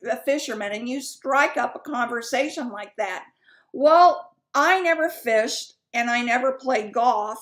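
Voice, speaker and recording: A woman sales coach teaching in a chatty, candid way, with fillers and asides. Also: a little high. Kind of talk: casual teaching talk.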